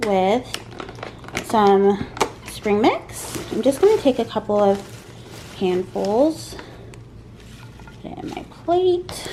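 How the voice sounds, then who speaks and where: Brief: casual female vlogger, fairly high voice, chatty kitchen walkthrough, faint fan noise behind. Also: darkish tone. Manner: chatty, explains as she cooks, frequent ums. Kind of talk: casual kitchen vlog voice-over. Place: home kitchen. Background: kitchen fan and frying noise.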